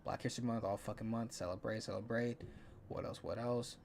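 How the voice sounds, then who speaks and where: A man's voice: medium pitch, flat delivery, quick pace, creaky, darkish tone, slight background noise. Rambling young man hosting a podcast. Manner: rambling, profane, counts aloud to himself. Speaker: podcast host. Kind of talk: casual solo podcast chat.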